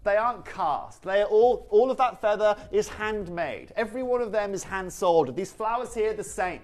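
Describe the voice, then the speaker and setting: A woman's voice: mid-range voice, animated, moderate pace, a little mellow. A woman presenting jewellery on a live shopping channel, chatty and persuasive, speaking from a TV studio. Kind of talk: live TV sales pitch.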